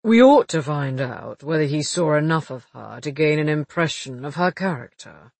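A husky, slightly raised voice belongs to a shrewd police detective, read by a man. He talks in a measured, matter-of-fact way with a dry, wry humour, recorded close with no room sound. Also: a little high, lively intonation, no room sound. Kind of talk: audiobook dialogue reading.

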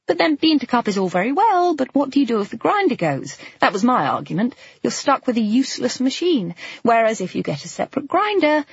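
A man voicing a chatty young woman, a bride-to-be, with a breezy manner in a much higher voice than his own. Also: very animated, fairly quick, creaky, breathy edge, no room sound, lo-fi sound, exaggerated voice. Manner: breezy, pitched up high and bright.

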